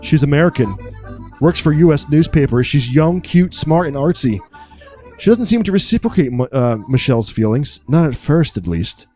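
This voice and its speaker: A man co-hosting a podcast, recapping a film in a casual, wry, joking way with deadpan asides. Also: a little high, moderate pace, soft background music.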